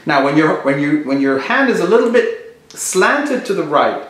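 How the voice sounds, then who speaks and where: A man's voice: on the high side, sing-song, moderate pace, fairly bright tone. Man teaching guitar in a very echoey room. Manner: thoughtful, searching for words, many restarts. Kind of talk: instructional explanation.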